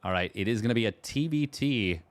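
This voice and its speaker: A man's voice: lowish voice, lively intonation, a little fast, no room sound. A man casting a strategy game tournament on a live stream, chatting with viewers and rambling through fillers and restarts. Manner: rambling, reads and answers chat, many fillers and restarts. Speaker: esports caster. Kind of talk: live stream commentary and chat.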